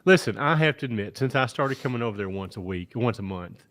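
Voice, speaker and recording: A man co-hosts a podcast at an ordinary pitch, chatting casually. He needles his partner and quickly corrects facts, but keeps it good-humored. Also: animated, a bit bright. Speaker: podcast co-host. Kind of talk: casual chat.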